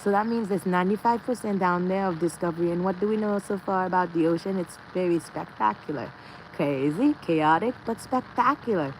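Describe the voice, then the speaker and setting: A woman with a lowish voice talks to her viewers in an earnest, meandering way, circling back over her own phrases. She sounds like someone musing out loud on a livestream. Faint traffic hums behind her. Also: fast talker, few pauses, low-quality recording. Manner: earnest, drifting, repeats phrases. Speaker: livestreamer reading viewer comments. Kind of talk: rambling spiritual musing.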